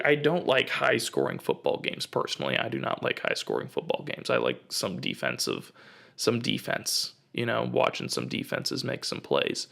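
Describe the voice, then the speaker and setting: Gravelly young man rambling a story. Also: medium pitch, fairly bright tone. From United States. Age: 20s. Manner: rambling storytelling, lots of fillers. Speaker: host. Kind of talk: casual comedic rant.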